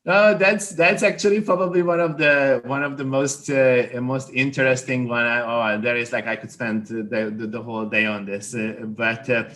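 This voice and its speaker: A man telling a funny story in a casual interview, animated, with many fillers and restarts. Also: medium pitch, moderate pace, hardly any pauses. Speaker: skin care company president, guest.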